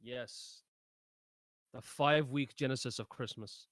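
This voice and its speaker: A man's voice: medium pitch, steady tone, unhurried, a bit bright, no room sound, clean studio sound. A man hosting a casual podcast chat, rambling and easygoing. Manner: rambling, easygoing, lots of fillers. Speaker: podcast host.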